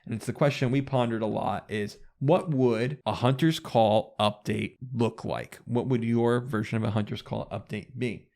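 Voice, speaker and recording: A man's voice: medium pitch, moderate pace, creaky, few pauses, a little mellow. A man chatting casually as a guest on a gaming podcast, rambling and restarting his sentences with enthusiasm.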